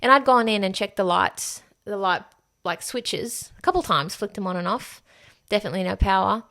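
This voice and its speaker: A woman's voice: mid-range voice, moderate pace, sharp tone. Woman, podcast host, candid monologue, emphatic, swears freely.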